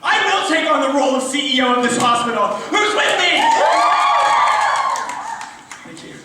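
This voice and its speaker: A man acts out a brash, arrogant schemer who takes charge in a very high, lively voice. He is heard from far away in an echoey hall, with loud background noise. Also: moderate pace, over a noisy crowd. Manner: brash, commanding. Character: ambitious arrogant male medical student. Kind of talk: amateur stage musical acting.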